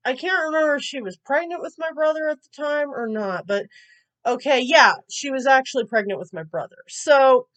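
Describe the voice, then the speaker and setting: A young woman telling a storytime vlog in a chatty, rambling way, full of "like" and "you know," and amused as she retells it. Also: sits high. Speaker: gaming YouTuber telling a storytime.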